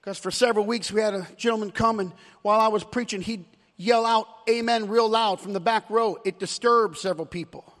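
A male pastor delivers a sermon in a church sanctuary, his voice sitting very high for a man. He swings from ringing, shouted climaxes to low, confiding asides, and a long hall reverb trails each phrase. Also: fairly even intonation, brisk.

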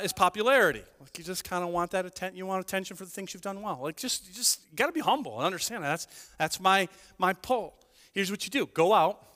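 A man preaching a sermon as a pastor, telling stories in a chatty, animated way with quick asides. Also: high voice, in a large hall.

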